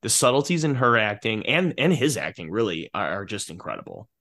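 A man with a fairly low voice co-hosts a casual film podcast. He talks animatedly, laughing often and restarting his sentences as he goes. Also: sing-song, a little fast, pushed and bright. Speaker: podcast co-host.

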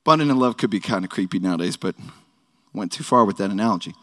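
A man's voice: on the low side, expressive, quick pace, fairly bright tone. A man in his thirties teaching a sermon at a worship service, casual and joking, with frequent conversational asides. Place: worship hall. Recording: echoey hall reverb.

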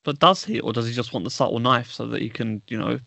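A man's voice: medium pitch, quick pace, gravelly, pushed and bright, no echo. A man hosting a casual podcast chat, rambling a little and steering between topics. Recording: slightly dull lo-fi mic.

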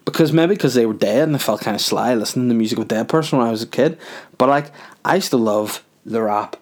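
A man's voice: medium pitch, quick pace. A man hosting his own podcast, talking in a loose, jokey monologue. He rambles from point to point, peppering his speech with "like" and the odd swear word. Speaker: podcast host and comedy club runner. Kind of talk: casual comedic monologue.

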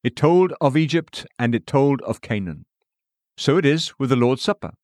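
Male narrator for a devotional audiobook, varied lively intonation, dry close sound. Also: medium pitch, dry recording. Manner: measured, quoting scripture and verse references. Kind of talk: scripted devotional reading.

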